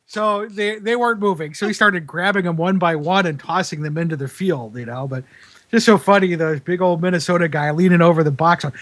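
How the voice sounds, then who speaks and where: A man's voice: high-pitched, brisk, a bit bright. A man telling casual stories as a broadcast engineer guest, rambling with many fillers and restarts and laughing at his own story.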